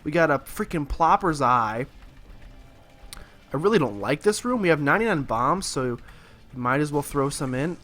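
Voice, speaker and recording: Young male let's play host, somewhat high voice, slightly husky, sarcastic and rambling. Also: lively intonation, normal speed, long pauses, fairly bright tone, soft background music. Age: young adult. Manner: rambling, sarcastic, filler-heavy. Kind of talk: gameplay commentary.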